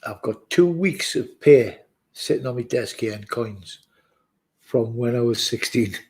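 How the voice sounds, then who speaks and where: A man's voice: mid-range voice, animated, unhurried, rough recording. A man at his office desk, chatting casually to camera in a jokey, rambling way with muttered asides. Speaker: vlogger.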